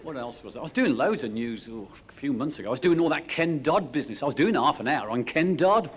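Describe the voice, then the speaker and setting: A man doing a stand-up comedy routine in quick jokey patter, with asides to the audience. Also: fairly high pitch, big pitch swings, highs cut off. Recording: live club recording with loud crowd laughter and noise. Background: audience laughing.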